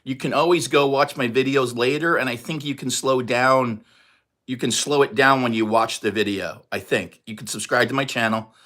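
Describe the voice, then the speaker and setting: A man in his sixties with a New York accent, chatting casually and fast on a livestream. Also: mid-range voice, steady tone, fairly bright tone. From New York area, USA. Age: 60s. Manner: fast, chatty, reads out viewer comments. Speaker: livestream host.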